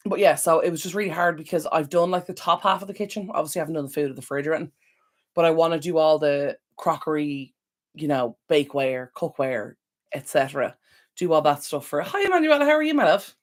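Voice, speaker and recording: An Irish woman hosting a decluttering channel, chatting casually on a live stream, rambling and answering viewers' comments with sympathy. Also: deep voice. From Ireland.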